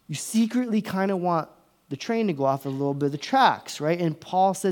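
A man preaching as a pastor, slowing down on key words, pausing for effect and acting out inner voices that range from whispers to raised exclamations. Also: a little high, animated, a little mellow. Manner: dramatic pauses, slows down for emphasis. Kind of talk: sermon.

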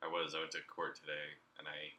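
A man joking dryly and deadpan in a casual podcast chat. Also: a bass voice, fast.

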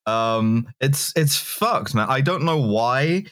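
Sardonic man with a lively pitch. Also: takes it slowly, dry recording, clean studio sound. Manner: sardonic, profane, drawling. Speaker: podcast co-host. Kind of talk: casual political banter.

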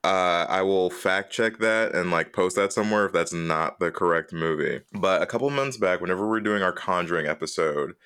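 A podcast co-host speaks in a very deep, smooth voice. The talk is relaxed and unhurried, often pausing with ums while searching for the details of a memory. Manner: relaxed, hesitant, many ums. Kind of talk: casual chat.

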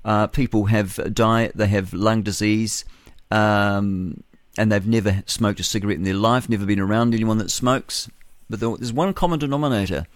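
Man, New Zealand accent, radio host, lowish voice, dry close studio sound, rambling and forthright. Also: normal speed, no echo. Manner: rambling and forthright, with chuckles and self-corrections. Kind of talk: opinionated talk radio monologue.

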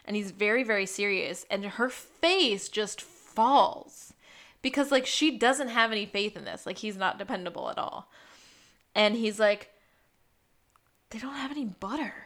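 A woman's voice: medium pitch, measured pace, fairly bright tone. A woman co-hosting a podcast, chatting casually about a TV episode and laughing often. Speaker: podcast co-host. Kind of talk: casual recap chat.

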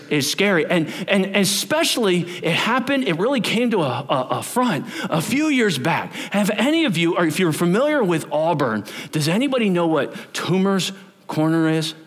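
Animated high-voiced male preacher. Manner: animated, chatty, banters with the congregation. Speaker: pastor. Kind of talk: sermon. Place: church.

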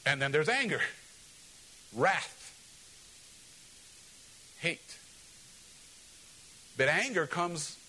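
A male pastor preaching a sermon in an animated, joking way, often asking the congregation questions. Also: on the high side, a little hiss or hum, low-quality recording.

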